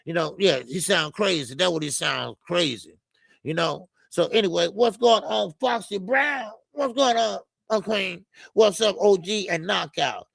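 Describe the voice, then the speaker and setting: A man's voice: sits high, unhurried, vocal fry, a bit bright, dry recording. A man hosting a boxing live stream in a casual, rambling way, with many fillers as he reads out super chats. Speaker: boxing show host.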